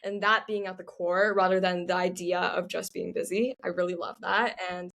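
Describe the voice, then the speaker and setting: A woman hosts a podcast interview, her voice gravelly with vocal fry. She speaks in a flat, even line, affirming her guest before asking her question with gentle fillers. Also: fairly low pitch, normal speed. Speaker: podcast host. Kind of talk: interview conversation.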